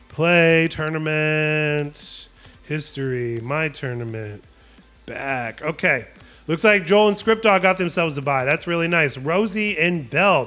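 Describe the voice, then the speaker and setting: A man hosts and casts a live online esports tournament on a stream, calling plays and joking with chat in a playful, hype-driven style. His voice is fairly high and fairly bright.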